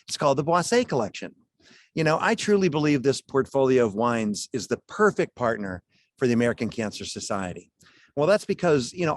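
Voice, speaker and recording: A man chatting his way through a wine presentation on a video call. His voice is mid-pitched, folksy and easygoing, with little chuckles along the way. The sound is close and dry. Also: no echo. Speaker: wine presenter at a charity gala.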